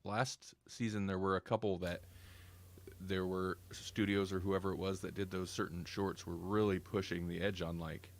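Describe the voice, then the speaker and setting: A man's voice: low voice, flat delivery, moderate pace. A man hosting a casual podcast chat, rambling and enthusiastic, often correcting himself mid-sentence. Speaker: podcast host.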